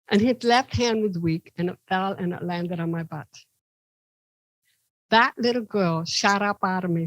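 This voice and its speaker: Ohio woman telling her life story on a podcast, animated, jumps into voices, dry room. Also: no room sound, poor audio. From Ohio, USA. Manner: animated, acts out quoted voices with big pitch jumps. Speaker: podcast guest. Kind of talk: personal storytelling.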